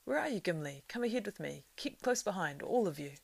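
A stern old wizard, as a woman reader puts him on, barks urgent orders in a low, gravelly voice. Close and dry. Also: big pitch swings, fairly quick, no echo, heavily acted. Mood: shaken, urgent. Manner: urgent, forceful commands.

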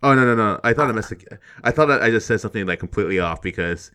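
A man's voice: lowish voice, animated, very fast, bright, forceful tone, clear, resonant tone. A man co-hosting a live-streamed podcast, chatting in an easygoing way and chuckling often. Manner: easygoing, chuckling, many fillers. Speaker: podcast co-host. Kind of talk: casual live-stream chat.

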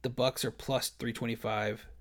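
A man's voice: mid-range voice, flat delivery, normal speed. A man co-hosting a podcast, chatting casually about sports, rambling, often laughing and restarting his sentences. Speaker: podcast co-host.

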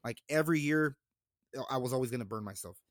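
A man's voice: mid-range voice, fast, no echo. A man co-hosting a casual podcast, telling stories in a laid-back way with frequent laughs. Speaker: podcast co-host. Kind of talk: casual chat.

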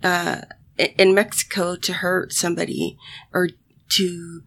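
A woman vlogger telling a personal story to her audience, halting with many fillers and restarts, swearing often and sighing. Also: lowish voice, level tone, a bit bright. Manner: emotional, sighing.

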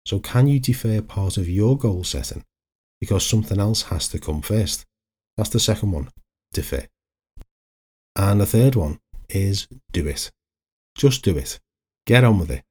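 A middle-aged man with a lowish, warm voice and a breathy edge hosts a solo motivational podcast as a life coach. His chatty, anecdotal talk keeps wandering into side stories.

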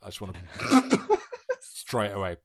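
A man telling an animated story in casual podcast chat, swearing and laughing as he goes. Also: lowish voice, slow pace. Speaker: podcast guest.

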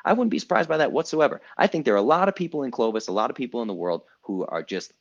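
A man in his thirties speaking as a coach to his group, his pitch rising and falling with lots of energy. He talks emphatically, repeats lines for effect and swears casually. The sound is a bit dull and lo-fi. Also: very animated, very fast, vocal fry. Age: 30s. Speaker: coach and podcast host. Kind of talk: group coaching call monologue.

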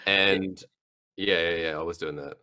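A man's voice: low-pitched, steady tone, measured pace, sharp tone. A male esports caster in a casual panel discussion, chatty and joking with lots of filler words.

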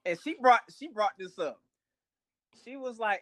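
A man's voice: extremely high pitch, expressive, unhurried, long pauses, pushed and bright, no echo. A young man co-hosting a family podcast in casual chat, blunt and profane, often repeating words as he starts a thought. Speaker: podcast co-host.

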